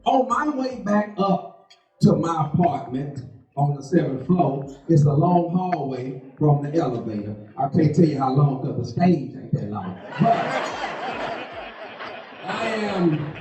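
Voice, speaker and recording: A man telling a stand-up story in animated, loose vernacular, laughing through his lines. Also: on the high side, a little slow. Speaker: stand-up comedian. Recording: roomy, distant, muffled live stage audio with music.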